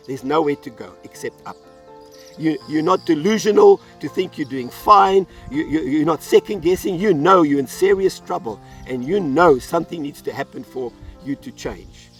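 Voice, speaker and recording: A man's voice: fairly high pitch, expressive, moderate pace, recorded from a distance, faint music behind. A man pastor delivering an earnest sermon, telling a Bible story and acting out its voices. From South Africa.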